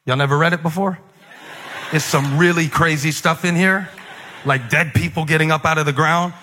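A man preaching a sermon to a gathered congregation, animated, slipping into mocking, self-assured voices and rising to near shouts. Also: fairly high pitch, moderate pace, a little hiss or hum. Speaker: pastor. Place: large hall with an audience. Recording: echoey hall, faint room ambience.

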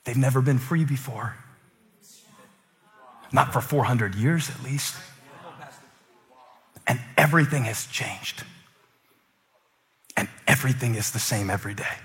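A middle-aged man preaching a sermon in an animated way, acting out voices and swinging from loud outbursts to hushed lines. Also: mid-range voice, unhurried, long pauses, long reverb tail. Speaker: pastor.

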